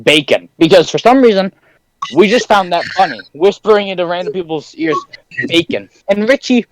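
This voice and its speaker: A teenage boy telling a story on a casual podcast, animated and acting out the voices of the people in it. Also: high-pitched, brisk, poor audio. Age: teens. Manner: animated, acts out voices in his stories. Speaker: podcast host.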